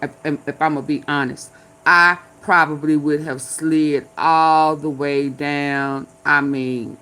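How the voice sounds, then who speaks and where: A woman's voice: sits low, steady tone, slow pace, sharp tone. An older woman giving sassy, blunt casual commentary in a preachy, repetitive way. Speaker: commentary vlogger.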